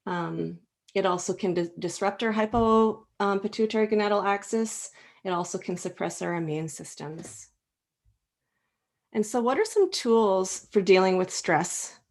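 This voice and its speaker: A woman talks through a health topic in a relaxed, conversational way, her sentences full of ums and restarts. She speaks earnestly and directly to the listener, like a practitioner explaining things to patients. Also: mid-range voice, unhurried. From Canada. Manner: warm, earnest, conversational with many fillers and restarts. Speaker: acupuncturist and clinic co-owner giving a health talk. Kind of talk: informal educational talk. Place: indoors, presenting slides.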